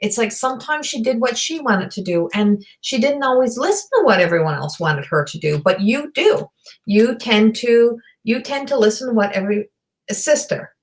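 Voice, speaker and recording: A woman giving a live online psychic reading. She talks in a halting, rambling way, full of fillers and restarts, and passes on messages in a direct, earnest manner. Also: a little high, lively intonation. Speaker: psychic medium. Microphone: video call or webcam.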